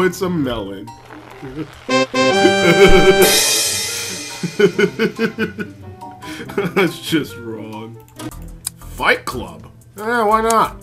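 A man casually commentating a video game he is playing, excitable and profane, often yelling at the game. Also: high voice, extremely slow, pauses often. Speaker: gaming video host. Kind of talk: casual let's-play commentary. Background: game music.

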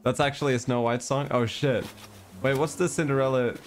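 A man streaming a game, chatting casually in an excitable, playful way and reading game text aloud. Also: medium pitch, fairly quick, soft background music. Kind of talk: casual gameplay chat.

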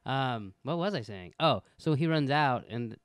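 A young man on a podcast sounds a little hoarse as he talks bluntly and with sarcasm. His pitch sits in the middle range. The recording is dry and close. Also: expressive, a little slow, no echo. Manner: blunt, sarcastic, swears a lot. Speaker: podcast co-host. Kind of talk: casual chat.

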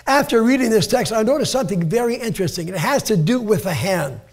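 High-voiced older man preaching. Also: lively intonation, creaky. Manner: earnest, repeats words, reads scripture slowly. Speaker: pastor. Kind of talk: sermon. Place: church sanctuary.

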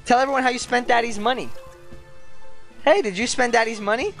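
A man's voice: very high-pitched, a little fast, a bit bright, faint music behind. A man hosting a casual gameplay video with his young son, talking in a playful, goofy, teasing way.

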